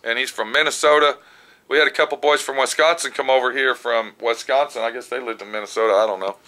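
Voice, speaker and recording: A man's voice: medium pitch, steady tone, fast, sharp tone, echoey room. A man hosting a casual chat show, talking in a folksy, joking, talkative way. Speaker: show host.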